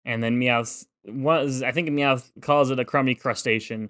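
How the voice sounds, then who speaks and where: A man's voice: medium pitch, fairly even intonation, normal speed, fairly bright tone. A man co-hosting a podcast, giving a laid-back, casual recap that swears now and then. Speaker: podcast co-host.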